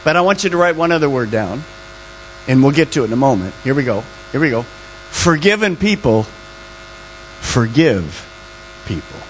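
A man's voice: medium pitch, expressive, fast, a little hiss or hum, rough recording. A man pastor preaching a sermon, stretching out key words for emphasis.

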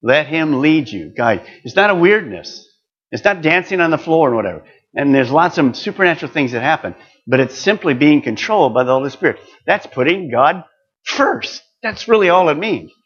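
Older male pastor, sermon delivery, earnest, a touch high-pitched, muffled lo-fi sound. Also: sing-song, normal speed, fairly bright tone, husky. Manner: earnest, rising to emphatic exhortation. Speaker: preacher.

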